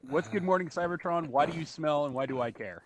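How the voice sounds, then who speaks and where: A man's voice: on the high side, fast talker, crowd noise. A man from California cracking crude jokes as a podcast co-host. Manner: crude, joking.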